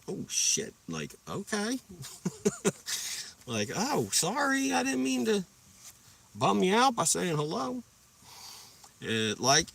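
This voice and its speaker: Sitting on the lower side with a sharp edge, a young man's voice comes through with slight background noise and some distance from the mic. He's casually hosting a livestream, spinning hyped stories laced with profanity and reminding viewers to like and subscribe.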